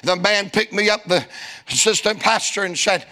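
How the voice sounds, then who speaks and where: A man preaching a sermon in a church, telling a folksy, humorous story and rising into shouted exhortation. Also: sits high, moderate pace. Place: church sanctuary before a congregation.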